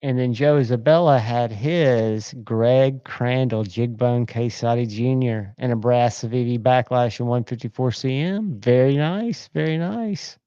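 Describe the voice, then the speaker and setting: A man's voice: medium pitch, a little slow, hardly any pauses, dark tone, clear, resonant tone, no echo, dull audio. A man hosting a casual livestream, chatting in a rambling, enthusiastic way. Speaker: livestream host. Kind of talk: casual chat.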